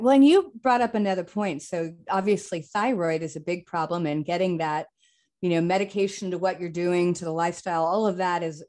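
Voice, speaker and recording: A woman hosting a podcast, chatting frankly and telling lively personal stories. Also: on the low side. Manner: frank, animated storyteller. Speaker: podcast host. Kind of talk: casual podcast conversation.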